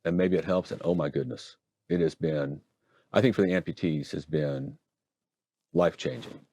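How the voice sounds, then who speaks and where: A middle-aged man from Oregon, a hand surgeon telling stories and explaining procedures in a folksy, animated interview manner. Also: rumbling low, normal speed, no echo. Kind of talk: conversational interview storytelling.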